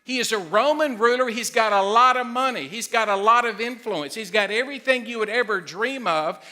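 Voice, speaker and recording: A middle-aged man preaching a sermon as pastor, excitable and emphatic, loud at times. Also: very high voice, brisk.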